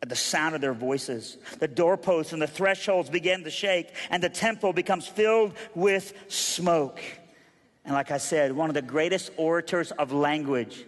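Male preacher, high voice, dynamic delivery with humorous asides, big reverberant church hall. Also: normal speed. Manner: dynamic, swings between loud emphasis and hushed intensity. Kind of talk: sermon. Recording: long reverb of a large hall.

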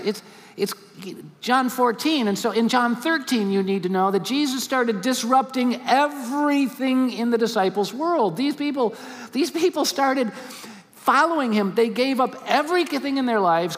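A man with a fairly high voice delivers a sermon in a large hall, where a long reverb trails behind his words. He preaches in an animated, conversational way and slips into quick bits of acted dialogue as he tells the story. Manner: animated storytelling, acting out dialogue in casual speech. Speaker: pastor.

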